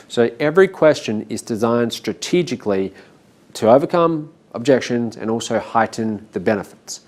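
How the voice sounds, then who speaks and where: A man's voice: mid-range voice, moderate pace. A man teaching an online masterclass, explaining steps plainly with some fillers. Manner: explanatory, steady, with frequent fillers. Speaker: course instructor. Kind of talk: webinar teaching.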